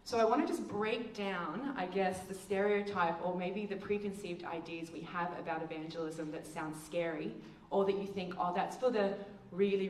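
Lively woman telling a story from afar. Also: a little hiss or hum. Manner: storytelling, acts out quotes with big pitch jumps. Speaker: speaker. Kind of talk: testimony talk. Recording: echoey room, heard from a distance.

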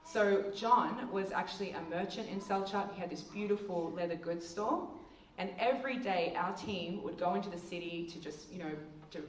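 A woman giving a presentation with slides, telling stories lively and acting out the voices of the people she quotes. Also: on the low side, normal speed, few pauses, a little hiss or hum. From Australia. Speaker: missions speaker. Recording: echoey room, distant mic, faint ambience.

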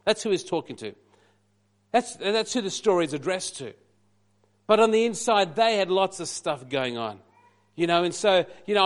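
High-voiced preaching man. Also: normal speed, pauses often. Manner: animated preaching with sudden drops to quiet asides. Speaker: pastor. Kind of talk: sermon.

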